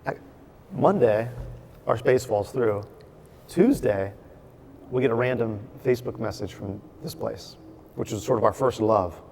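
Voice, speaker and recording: A man telling the story of opening his brewery in a casual chat, acting out what people said with lively restarts. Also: mid-range voice, measured pace, gravelly, long pauses, a little hiss or hum. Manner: animated storyteller, acts out quotes with restarts. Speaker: brewery owner, guest.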